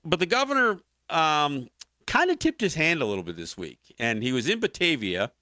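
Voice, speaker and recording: A man hosts a political talk show, his voice bright and edged. His pitch leaps around as he presses his case with fired-up restarts. The sound is dry and close, with no room around it. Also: clear, resonant tone, dry recording. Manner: animated, impassioned commentary with frequent restarts.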